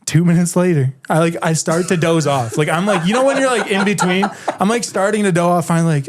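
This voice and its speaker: A man in his twenties, a podcast guest telling stories in casual chat, animated and full of "like" fillers. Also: fairly high pitch, normal speed, no room sound. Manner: animated storyteller, heavy "like" filler.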